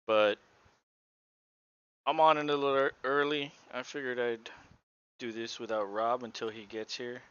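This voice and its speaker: A man's voice: mid-range voice, steady tone, unhurried, pauses often, fairly bright tone, clean tone, dull audio. A man co-hosting a casual play-by-play show, talking through the game with sarcastic asides. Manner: laid-back, sarcastic asides. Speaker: podcast co-host.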